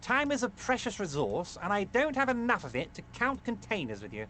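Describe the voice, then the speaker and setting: A man's voice: high voice, big pitch swings, fairly quick, background noise, voice pushed up. A man voicing a smug, fawning, powerful middle-aged man who speaks with mock concern.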